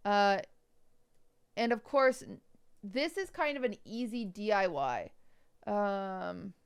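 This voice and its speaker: This young woman's voice is medium in pitch, expressive, and slow, with a clear, resonant tone captured in a dry recording. Streaming live, she looks over viewers' bedrooms in casual conversation, handing out blunt design advice and swearing now and then for emphasis.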